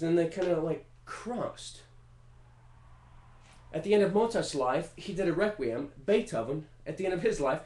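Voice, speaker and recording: A man riffing in a casual comedic monologue, animated and profane, rambling with fillers. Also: high voice. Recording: roomy echo.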